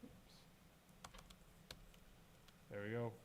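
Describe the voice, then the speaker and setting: A man's voice: extremely slow, a little mellow, slight background noise. A man lecturing on programming while he codes, thinking aloud, correcting himself and asking the class questions. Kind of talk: live-coding lecture.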